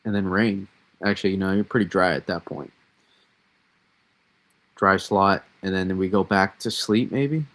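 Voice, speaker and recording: A man with a Massachusetts accent hosting a casual live weather analysis, thinking aloud in a halting way with many fillers. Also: low voice, a bit bright. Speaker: weather stream host.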